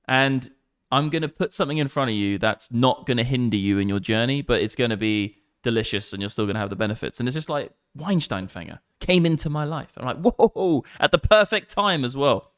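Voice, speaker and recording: A man in his thirties with an English accent, rambling excitedly and swearing often on a casual livestream. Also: medium pitch, brisk, clear, resonant tone, dry recording, studio quality. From England. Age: 30s. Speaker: crypto streamer.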